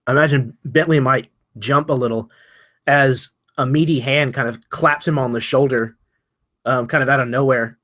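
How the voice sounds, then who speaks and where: A man with a bright, tense voice describes his character's actions as a player in a tabletop game. He tells it in a loose, storytelling way full of ums. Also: medium pitch, steady tone, normal speed.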